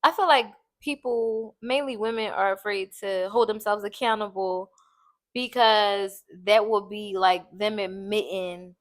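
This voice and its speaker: A woman's voice: medium pitch, fairly even intonation, unhurried. A woman co-hosting a podcast in casual chat who laughs easily and earnestly steers the topic back. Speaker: podcast co-host.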